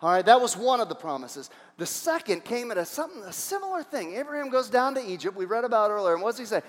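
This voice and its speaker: A man preaching a sermon as pastor, animated, putting questions to the congregation and often restarting his sentences. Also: high voice, fast, hardly any pauses. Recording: long hall reverb.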